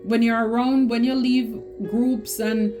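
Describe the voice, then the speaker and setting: A woman's voice: on the high side, level tone, measured pace, mellow, soft background music. Emphatic woman giving a tarot reading. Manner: emphatic, preachy, repeats phrases for stress. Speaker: tarot reader. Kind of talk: spiritual tarot reading to camera.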